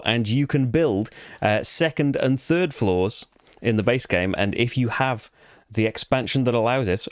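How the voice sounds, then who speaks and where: A man at an ordinary, middle pitch talks through the rules of a board game before a solo playthrough. He rambles in a relaxed, chatty way, full of fillers and restarts. The sound is dry, with no room echo. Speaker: board game channel host.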